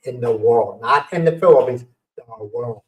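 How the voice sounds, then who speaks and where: Animated man telling stories, roomy distant sound. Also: medium pitch, moderate pace. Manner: animated storyteller acting out quotes. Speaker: livestream host. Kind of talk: casual storytelling chat. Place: home livestream setup.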